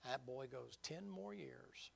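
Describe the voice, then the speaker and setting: A man's voice: mid-range voice, lively intonation, takes it slowly, creaky. A man preaching a sermon in a folksy, vivid storytelling manner.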